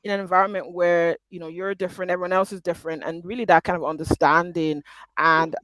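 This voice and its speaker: A man from Nigeria hosting an interview, talking reflectively and trailing off softly. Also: high voice, level tone, fast, dry recording. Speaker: host. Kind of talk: casual interview chat.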